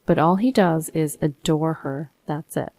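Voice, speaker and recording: A woman's voice: low voice, measured pace, darkish tone, no echo. A woman narrating her own story in the first person, sounding aggrieved and fed up.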